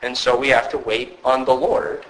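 A male pastor giving a sermon, earnest and measured, with occasional storytelling asides. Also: mid-range voice, steady tone, fairly bright tone, low-quality recording.

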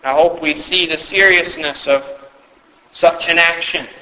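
A man's voice: on the high side, fairly even intonation, measured pace, sharp tone. A male pastor preaching a sermon, earnest and emphatic, with rhetorical questions. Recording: echoey hall with long reverb.

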